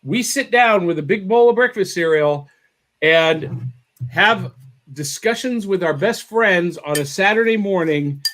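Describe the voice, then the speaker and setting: A man hosts a casual morning podcast over a video call. His voice is high for a man, and he sounds upbeat and excitable. He often says the same phrase twice as he talks. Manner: upbeat and excitable, repeats himself. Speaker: podcast host. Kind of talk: casual chat.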